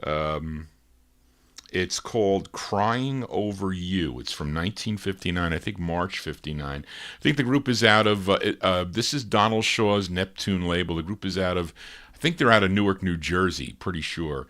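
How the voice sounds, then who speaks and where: A man hosting a live record show, chatting casually and musing aloud with frequent pauses and "uh"s. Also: low voice, a bit bright. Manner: easygoing and musing, thinks aloud with many "uh"s.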